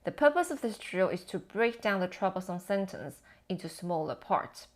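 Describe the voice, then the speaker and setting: A woman educator giving a scripted lesson on language teaching, with measured, explanatory delivery. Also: on the low side, big pitch swings. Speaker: TESOL educator.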